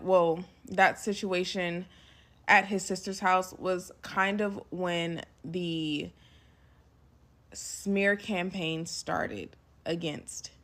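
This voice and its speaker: A young woman casually telling a personal story to her viewers, emphatic and animated, with frequent asides. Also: fairly low pitch. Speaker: storyteller recounting a past relationship.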